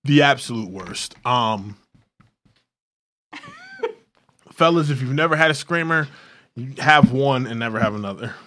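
Crude, animated man telling stories. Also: medium pitch, unhurried, pauses often. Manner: crude, animated storytelling with acted-out quotes. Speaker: podcast co-host. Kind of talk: casual chat.

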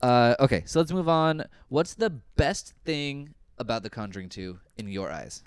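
A man in casual, joking conversation, reviewing a movie and telling stories with lively, playful delivery. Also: mid-range voice, normal speed, clear, resonant tone, dry recording, studio quality. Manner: animated, jokey storyteller who puts on silly voices. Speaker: podcast co-host reviewing a movie. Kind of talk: casual chat.

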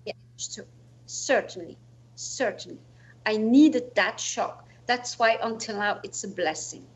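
Soft-spoken woman telling a personal story. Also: on the high side, unhurried, rough recording. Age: 40s. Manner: earnest, reflective, slightly non-native phrasing with "you know, like". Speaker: guest.

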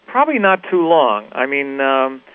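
Middle-aged man, guitarist guest, mid-pitched voice, loose, rambling storyteller. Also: normal speed, smooth, no echo, narrow, tinny audio. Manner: relaxed, rambling anecdotes with many fillers and restarts. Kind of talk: casual interview storytelling.

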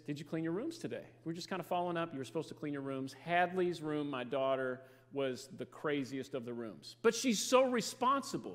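A man, preaching a humorous sermon and chatting with his congregation as he tells stories. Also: fairly high pitch. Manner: storytelling, playful, chatty with the audience. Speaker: guest preacher. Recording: reverberant church hall.

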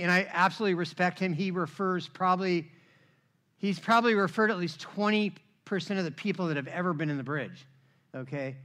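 A middle-aged man preaches from the pulpit with a high, bright voice. He tells his own story with animated energy, acting out the voices of others and checking in with "right?" as he goes. His tone is forceful and vivid throughout. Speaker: pastor. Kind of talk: sermon with personal testimony.

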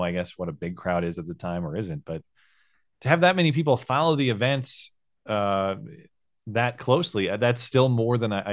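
Hesitant man with a lowish voice. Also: no room sound, studio quality. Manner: hesitant, halting, with many fillers. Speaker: discussion leader. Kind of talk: casual group discussion.

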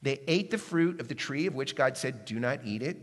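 A man preaching a sermon in earnest tones, rising to emphatic peaks and dropping to hushed asides. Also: medium pitch, expressive, brisk, slightly rough. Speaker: pastor. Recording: echoey hall.

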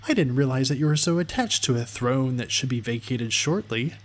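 A man's voice: mid-range voice, animated, a little fast, close to an everyday voice. A man voicing a scrawny, sarcastic male magician who taunts in a snide, sing-song way. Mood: mocking. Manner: mocking, sing-song, smirking.

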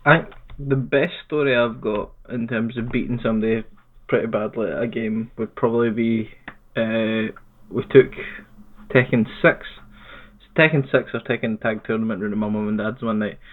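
A young Scottish man on a podcast, telling a relaxed, sweary, wry story. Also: fairly low pitch, moderate pace, slight background noise. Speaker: podcast co-host. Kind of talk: casual storytelling chat. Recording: tinny phone-like line.

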